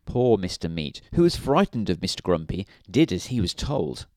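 A man's voice: deep voice, big pitch swings, normal speed, a little mellow, no echo, studio quality. A man reading a children's story aloud in a playful way, now and then asking the listener questions.

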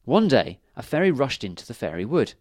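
A man reading fairy tales aloud to children in a lively, expressive way. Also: mid-range voice, fairly quick, no room sound, clean studio sound. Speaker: storyteller.

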